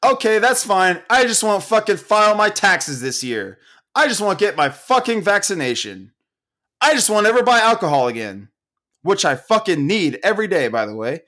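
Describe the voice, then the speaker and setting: A man co-hosting a casual podcast, ranting loudly and angrily with lots of swearing and laughter. He is a little drunk. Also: high voice. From Oklahoma, USA. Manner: loud, profane, ranting, laughing. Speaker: podcast co-host.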